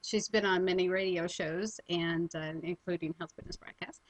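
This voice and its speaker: A woman hosting an interview show, asking questions in a friendly, halting way. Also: on the low side, steady tone, slight background noise, low-quality recording. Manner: friendly, hesitant, many ums and uhs. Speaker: radio show host. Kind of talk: interview conversation.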